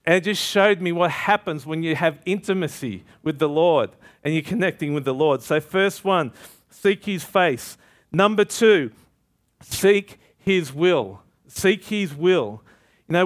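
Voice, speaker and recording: A man preaching a sermon in a conversational way. He tells stories with energy and often checks in with the listeners. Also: fairly high pitch. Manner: animated storytelling with laughter; conversational, asks "right?".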